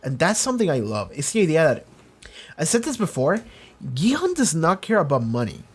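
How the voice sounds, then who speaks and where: A man's voice: fairly high pitch, huge pitch swings, brisk, breathy edge, faint music behind. A man hosting a reaction channel, rambling through casual commentary with many restarts and acting out quotes. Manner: acts out quoted characters.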